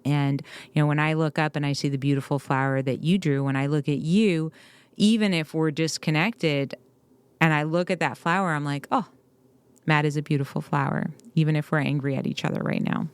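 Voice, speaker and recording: Low, smooth-voiced woman co-host. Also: dry recording. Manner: warm, affirming, reflective. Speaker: podcast co-host, parent. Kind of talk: conversational parenting talk.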